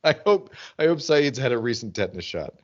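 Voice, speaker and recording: A man co-hosting a podcast in casual chat, animated and often mimicking characters in high excited voices. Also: fairly quick, muffled recording. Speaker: podcast co-host.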